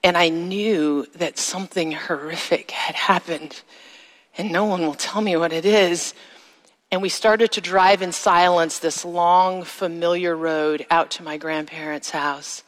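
A middle-aged woman sharing a personal testimony with an audience, speaking slowly and emphatically and drawing out her phrases. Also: on the low side, fairly even intonation. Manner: slow, emphatic storytelling with drawn-out phrases. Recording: long reverb of a large hall.

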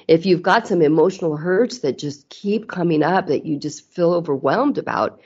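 A woman's voice: on the low side, moderate pace, hardly any pauses, darkish tone, breathy edge. A middle-aged woman talking candidly as a guest in a casual interview, earnest and often restarting her sentences. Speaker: podcast guest. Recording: slightly muffled audio.

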